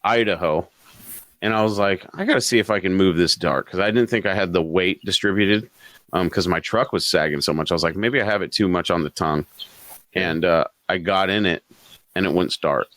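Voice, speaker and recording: A man co-hosting a live podcast, telling a story in an animated, profane way and chuckling between phrases. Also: low-pitched, fairly quick, no room sound. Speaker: podcast co-host.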